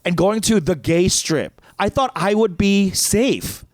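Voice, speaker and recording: An exasperated man co-hosting a comedy podcast, his pitch swooping high and low as he rants through a story. He sits a bit high for a man and swears freely. The sound is close and dry. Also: animated, slow pace, no echo. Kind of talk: casual storytelling rant.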